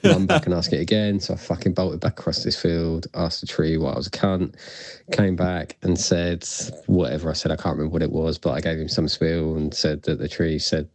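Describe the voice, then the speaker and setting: A British man tells a blunt story in casual chat, swearing freely as he goes. His voice is very deep, and the sound is dry and close to the mic. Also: flat delivery, a little fast, a little mellow, no echo.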